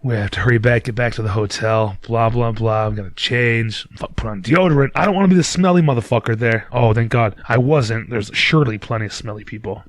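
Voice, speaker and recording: A man's voice: mid-range voice, brisk, few pauses, no echo. A man hosting a podcast, telling a rambling, profane story in casual chat and laughing at himself. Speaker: podcast host.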